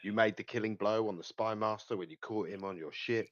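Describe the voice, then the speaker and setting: A low-voiced man spinning a story in character during a tabletop game, smooth and coaxing, calling others mate and son. His mic sounds dull and lo-fi, with a dry, close sound and no room around it. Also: fairly quick, no room sound. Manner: smooth, persuasive, calls people mate and son. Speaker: player. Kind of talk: in-character tabletop role-play.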